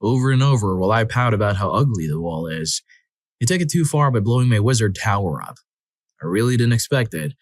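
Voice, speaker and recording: A man reading listener stories aloud as the narrator of a compilation, in an expressive, dramatic style that acts out the quotes. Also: medium pitch, fairly quick, no echo. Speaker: story narrator. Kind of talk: scripted narration of reader stories.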